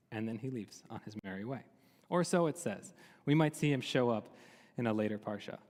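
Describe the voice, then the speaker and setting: A man, a rabbi, giving a sermon on the weekly Torah portion, telling it lively and asking many rhetorical questions. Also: medium pitch, brisk. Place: synagogue sanctuary. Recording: long reverb of a large hall.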